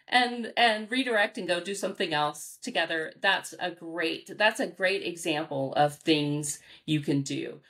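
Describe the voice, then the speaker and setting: An American woman, a dog trainer, answering interview questions in a casual, animated way, acting out reactions with big jumps in pitch and laughing often. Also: moderate pace, hardly any pauses. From United States. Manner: frequent fillers and restarts, laughs often.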